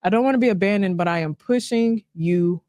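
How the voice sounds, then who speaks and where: A woman's voice: medium pitch, fairly quick, dark tone, no room sound, clean studio sound. A woman speaking as a dating coach, explaining patiently in a casual interview and laughing often.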